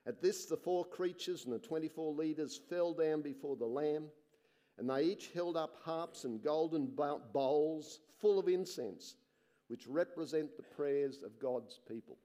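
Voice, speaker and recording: A man preaching, reading scripture slowly and earnestly, his voice dropping soft and low at the ends of phrases, with musing, excited asides between readings.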